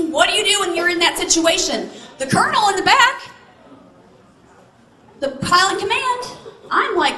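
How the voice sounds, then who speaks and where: A woman motivational speaker telling a story to a live audience on a stage mic, animated and asking the crowd questions. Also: very high voice. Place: large event hall. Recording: echoey hall with faint noise. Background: audience responses.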